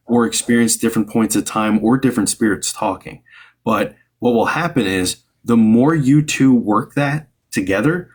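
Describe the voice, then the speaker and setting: A man's voice: lowish voice, husky. A man hosting a live stream as a psychic medium, giving rambling, upbeat advice to a caller with many fillers and restarts.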